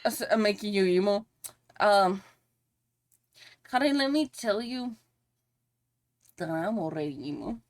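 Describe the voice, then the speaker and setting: Slow-talking casual woman streamer. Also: mid-range voice, animated. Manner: chatty, swears, sings along to songs. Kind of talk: casual live-stream chat while drawing.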